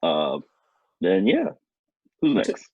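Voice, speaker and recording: A man's voice: low-pitched, huge pitch swings, extremely slow, mellow, husky, no echo. Laughing man telling camp stories. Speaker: former camp director. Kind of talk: casual storytelling chat. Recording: dull lo-fi audio.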